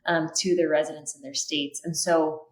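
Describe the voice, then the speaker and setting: A woman's voice: low-pitched, fairly even intonation, normal speed. A woman in her thirties from Minnesota, a clean energy policy guest on a podcast interview, explaining earnestly with frequent ums and restarts. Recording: roomy echo.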